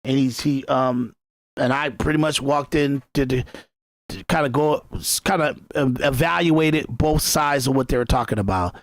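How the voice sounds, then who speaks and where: Irritated podcast host, gravelly and dry. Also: male voice, mid-range voice, normal speed, no echo. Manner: rambling, irritated, repeats himself with restarts. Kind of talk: casual commentary reacting to clips.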